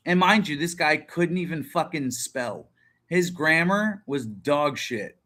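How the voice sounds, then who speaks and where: Bright-voiced, profane man in his thirties. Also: a little high, animated, measured pace. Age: 30s. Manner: profane, rambling and blunt. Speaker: livestream host. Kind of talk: casual livestream chat.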